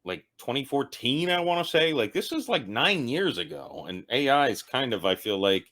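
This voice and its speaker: A man's voice: mid-range voice, sing-song, normal speed, fairly bright tone. A tipsy man hosting a comedic ranking show, rambling loosely and poking fun at himself. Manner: rambling, loose and self-mocking. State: tipsy from drinking. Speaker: host ranking TV episodes. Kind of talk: casual comedic ranking monologue.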